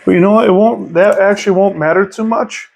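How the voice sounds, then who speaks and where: A man's voice: sits high, steady tone, a little fast, creaky, darkish tone, poor audio. A man hosting a casual hands-on hobby tutorial, chatty and enthusiastic, thinking aloud as he works. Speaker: model train hobbyist host.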